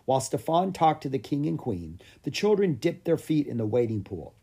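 Man, children's book narration, lively storytelling, husky, animated. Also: fairly high pitch, normal speed. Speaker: audiobook reader.

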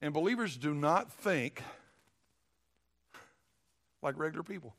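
A man's voice: fairly high pitch, animated, a little slow, long pauses, a bit bright. A middle-aged man, preaching a sermon in a folksy, emphatic way and repeating his phrases. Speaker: pastor.

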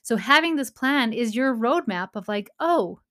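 A woman in her thirties talks straight to parents in a relaxed, encouraging way. Her tone is earnest and friendly, and she now and then brings in faith. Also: on the high side, moderate pace. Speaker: parenting podcast host. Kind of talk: casual motivational talk.

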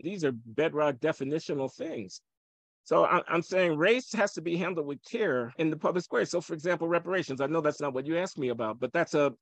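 Older man, high gravelly voice, emphatic and provocative, dry close sound. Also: no room sound. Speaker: economist guest. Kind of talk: heated interview argument.

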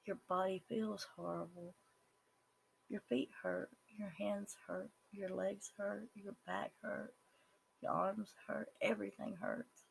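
A speaker with a Southern US accent gives an earnest, halting personal testimony, with some words dropping to a whisper. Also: mid-range voice, flat delivery, gravelly, slight background noise, poor audio. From Southern United States. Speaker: person sharing their life story.

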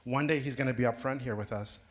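Brief: man sharing testimony in church, mid-range voice, halting with fillers. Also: medium pitch. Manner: hesitant, searching for words, many fillers. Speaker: church member giving testimony. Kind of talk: personal testimony. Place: church sanctuary.

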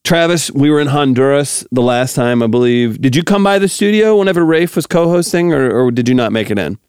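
A male radio host who banters in a dry, teasing way, with a lively pitch that rises and falls. His voice is close and dry, with no room sound. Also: brisk, clean tone, dry recording. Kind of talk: comedy talk radio banter.

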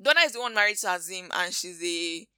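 A woman with a Nigerian accent, hosting a podcast and recapping movies in an animated, gossipy way full of slangy asides. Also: fairly low pitch, fast, clean tone, dry recording. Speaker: podcast host. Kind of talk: casual movie recap chat.

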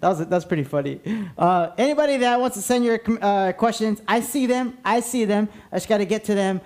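A man's voice: sits high, lively intonation, brisk, darkish tone. A man hosting a podcast, joking around, laughing often and swearing casually. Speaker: podcast host. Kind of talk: casual chat.

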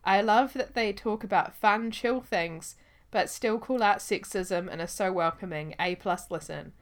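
A woman's voice: mid-range voice, a little slow. A young woman co-hosting a podcast in casual chat, laughing often and reading listener reviews aloud. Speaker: podcast co-host.

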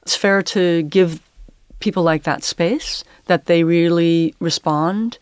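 A woman who is a poet and English professor, speaking as a guest in reflective interview talk, pausing and searching for words in academic phrasing. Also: on the low side, steady tone, clear, resonant tone, no echo.

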